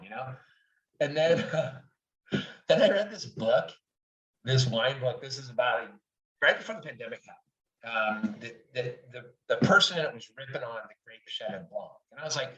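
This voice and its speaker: A man's voice: medium pitch, expressive, moderate pace, a bit bright. A middle-aged man talking as a guest in a casual interview, candid and enthusiastic, swearing freely. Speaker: guest, wine writer. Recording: distant, roomy, dull audio.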